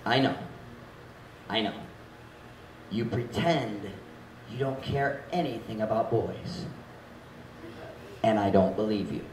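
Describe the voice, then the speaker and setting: A male pastor preaching a sermon, mixing in Visayan phrases, swinging between loud, forceful shouts and hushed, earnest passages. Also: on the low side, slow pace, long pauses, slight background noise. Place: church hall. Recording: echoey hall, mic at a distance.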